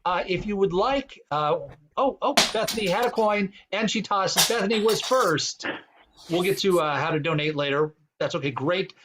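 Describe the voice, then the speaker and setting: A man's voice: sits high, moderate pace, noisy background. A man hosting an online improv comedy game, explaining rules with plenty of fillers. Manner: rambling, many fillers. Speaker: improv show host.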